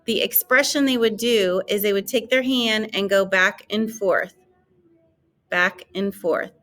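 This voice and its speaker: A woman French teacher giving a recorded classroom lesson, modeling each French word in a raised, drawn-out voice for students to repeat. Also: medium pitch, fairly bright tone.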